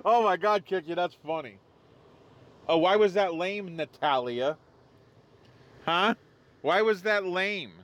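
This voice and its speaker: A man's voice: high voice, takes it slowly, long pauses, fairly bright tone. A man hosting a live stream outdoors, joking casually and laughing at his own jokes. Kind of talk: casual livestream commentary.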